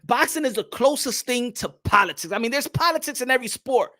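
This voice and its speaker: A man's voice: very high voice, fairly quick, no echo, clean studio sound. A man hosting a boxing talk show, chatting casually with livestream viewers in loose slang. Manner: animated, laughing, slangy.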